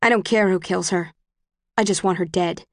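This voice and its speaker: A woman reading the lines of a cold, bitter middle-aged woman who leads rebels, in a cool, measured audiobook voice. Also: on the low side, no room sound, studio quality, natural voice.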